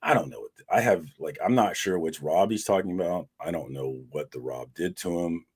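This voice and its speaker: A man's voice: low voice, normal speed, slightly rough. A man hosting a casual livestream, talking bluntly and with lots of swearing as he recounts an argument to his viewers. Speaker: host of a comic community livestream.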